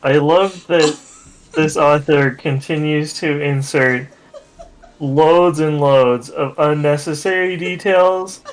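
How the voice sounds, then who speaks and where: A man joining a group read as a guest, giving wry, measured commentary. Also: fairly high pitch, fairly even intonation, rough recording. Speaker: guest co-reader. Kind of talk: casual joking chat.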